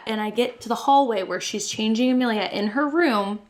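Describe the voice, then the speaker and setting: A woman's voice: on the high side, a little fast. A woman in her thirties, a podcast co-host, telling a casual story with lots of laughter and swearing. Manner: laughing, animated, swears freely.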